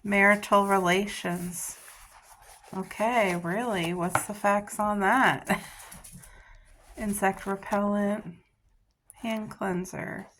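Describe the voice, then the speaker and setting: A woman's voice: medium pitch, steady tone, slow, long pauses, fairly bright tone, a little hiss or hum. A woman vlogger chatting casually to the camera, gushing and enthusiastic about her finds and her garden. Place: garden outdoors.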